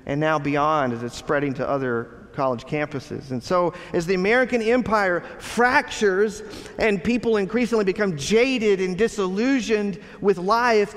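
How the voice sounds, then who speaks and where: A man preaching a sermon, his voice pitched a little high for a man. He speaks earnestly, turning often to his congregation with rhetorical questions. The sound carries a long reverb from a large church hall. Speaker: pastor.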